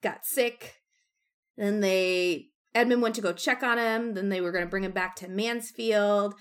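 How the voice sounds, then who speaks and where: A woman's voice: medium pitch, fairly even intonation, a little slow. A woman co-hosting a casual book discussion, chatty and acting out characters' thoughts. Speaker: book podcast co-host.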